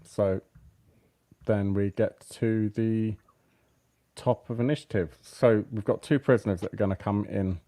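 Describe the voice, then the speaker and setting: A man running a tabletop role-playing game as game master, relaxed and hesitant with many fillers. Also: fairly low pitch, a little slow. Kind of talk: running a tabletop game over a live stream.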